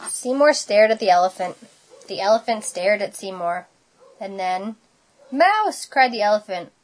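A woman reading a picture book aloud, expressive and unhurried, adding her own asides. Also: medium pitch. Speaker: storybook reader.

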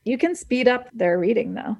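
A woman's voice: a little high, sing-song, normal speed, vocal fry, darkish tone, a little hiss or hum. A woman hosting a radio show, chatting casually and enthusiastically about books and laughing easily. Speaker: radio host. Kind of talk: casual book chat on radio.

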